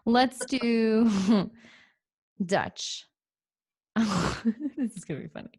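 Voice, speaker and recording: A woman hosting a podcast in a casual chat. She talks playfully, laughs often and thinks out loud. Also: fairly high pitch, drawn-out words, husky. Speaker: podcast host.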